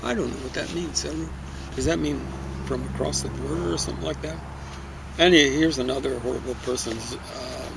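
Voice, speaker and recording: A man's voice: mid-range voice, brisk, vocal fry, heavy background noise. A man giving a casual, rambling book review outdoors in a garden, musing aloud with many fillers and asides.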